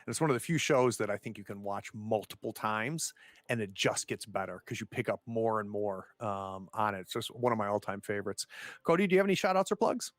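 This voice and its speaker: A man's voice: on the low side, animated, a little fast, no room sound. A man hosting and running the game, wrapping up the show in an upbeat, chatty way. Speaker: game master and host. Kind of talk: casual show outro with plugs.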